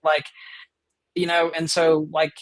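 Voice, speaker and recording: A man's voice: on the high side, monotone, slow pace, no room sound, low-quality recording. A man hosting a podcast, telling a story in casual chat, rambling and eager with lots of fillers. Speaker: podcast host.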